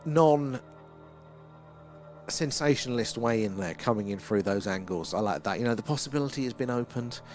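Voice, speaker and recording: A middle-aged Englishman hosts a live stream and chats loosely with viewers, reading their names off the chat and rambling between thoughts. His pitch rises and falls a lot as he talks. Faint music plays underneath him. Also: lively intonation, fast talker, hardly any pauses, a little mellow. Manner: chatty and rambling, reads out chat names, laughs often. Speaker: livestream host.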